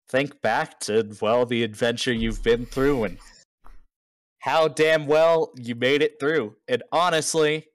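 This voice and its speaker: A man running a tabletop game as game master, narrating scenes in a relaxed, storytelling way. His voice sits at an ordinary pitch. The sound is close and dry, with no room echo. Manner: relaxed storytelling with a few restarts.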